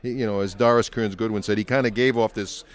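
An older man, a biographer, answering interview questions in an anecdotal, relaxed way and now and then mimicking quoted voices. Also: fairly low pitch, quick pace. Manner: anecdotal, slips into quoted voices while telling stories.

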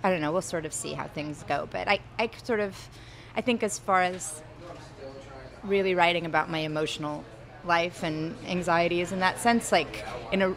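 This is an interview with a young adult woman who writes books; her voice is on the low side and moderately paced. She rambles and hesitates, restarting often and leaning on fillers.

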